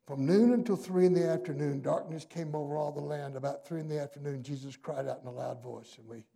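A man preaching a sermon with a raised pitch and a gravelly edge to his voice. He drops to near quiet, then rises to loud, emphatic passages. His delivery is a pastor's, building on each point. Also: fast.

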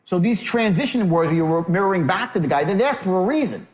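A man's voice: high-pitched, expressive, fairly quick. A man running a live sales training seminar, acting out customer and salesman lines with shifting tone. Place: seminar room. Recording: echoey room.

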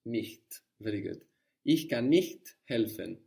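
A man's voice: medium pitch, lively intonation, normal speed, a little mellow. A man teaching a language lesson, explaining patiently and encouraging his student.

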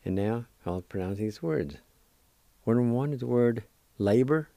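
A man's voice: mid-range voice, expressive, moderate pace, creaky, warm tone, no echo. A man teaching a language lesson, spelling words letter by letter and repeating syllables carefully. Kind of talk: slow spelling and pronunciation lesson.

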